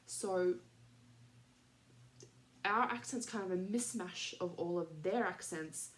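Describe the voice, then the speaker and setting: A woman's voice: fairly low pitch, takes it slowly, slight background noise. An Australian woman in her thirties hosting a podcast, chatting casually in a rambling way with lots of fillers and little laughs. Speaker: podcast host. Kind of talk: casual chat.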